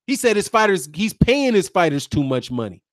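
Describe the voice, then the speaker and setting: A man hosting a boxing channel stream, chatty and animated, talking straight to his viewers and laughing often. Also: sits high, moderate pace. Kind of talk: live-stream boxing commentary.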